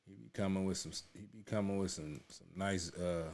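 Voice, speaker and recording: Deep-voiced man rambling casual commentary. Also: fairly even intonation, normal speed, gravelly, darkish tone. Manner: rambling, repeats and restarts words; talks to viewers as "y'all". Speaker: reaction video host.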